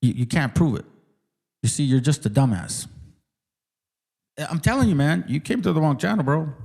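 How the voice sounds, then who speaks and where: A channel host with a slightly high, gravelly, slightly rough voice and dark tone speaks animatedly at a moderate pace. He rants heatedly but casually at his viewers, profane, mocking and combative, repeating words for emphasis.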